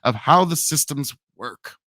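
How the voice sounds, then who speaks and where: A man's voice: fairly high pitch, lively intonation, a little slow, sharp tone. A male debate show host arguing in a combative, sarcastic way.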